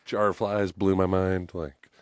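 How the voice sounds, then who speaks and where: Male musician guest, forties, low-pitched, dry and close, animated storyteller who swears. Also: measured pace, clean tone, no room sound. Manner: animated, acts out voices in his stories, swears freely. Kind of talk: casual storytelling chat.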